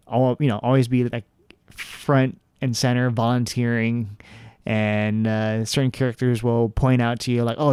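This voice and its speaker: A man's voice: mid-range voice, clean tone, no echo, studio quality. A young man casually reviewing an immersive theater show, talking loosely with lots of fillers and restarts. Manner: relaxed, many fillers and restarts. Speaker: vlogger reviewing attractions.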